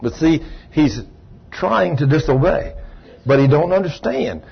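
A man preaches in a folksy, rambling storytelling way, with bursts of loud praise. His voice is a little husky. The recording sounds muffled and lo-fi. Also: fairly high pitch, expressive, measured pace. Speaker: pastor. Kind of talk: sermon storytelling.

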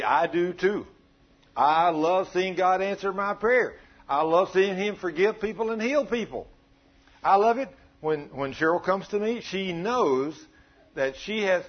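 A man preaching a sermon, telling stories in a folksy, animated way. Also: high voice, breathy edge. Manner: folksy, animated storytelling with acted quotes. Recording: dull lo-fi sound.

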